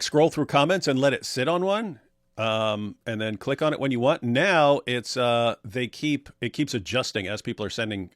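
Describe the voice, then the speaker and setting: A man's voice: medium pitch, no room sound, clean studio sound. A man co-hosting a casual livestream, reading viewer comments aloud, rambling and laughing at his own puns.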